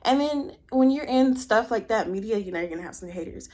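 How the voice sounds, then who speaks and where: Animated woman giving opinionated commentary. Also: fairly high pitch. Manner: animated, opinionated, rapid asides. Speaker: film commentator.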